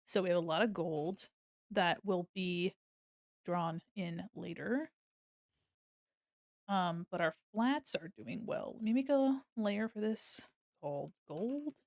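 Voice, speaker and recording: A woman's voice: lowish voice, slow, long pauses, a little mellow, no echo, clean studio sound. A young woman chatting casually to her viewers while drawing on a live stream, giggly and self-deprecating. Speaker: art streamer.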